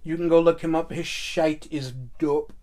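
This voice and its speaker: A man's voice: fairly high pitch, little pitch movement, warm tone. A man hosting a podcast, joking around and plugging friends with profane, hyped chatter. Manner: profane, joking, hyped, fast run-on plugs. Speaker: podcast host. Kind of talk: casual podcast banter.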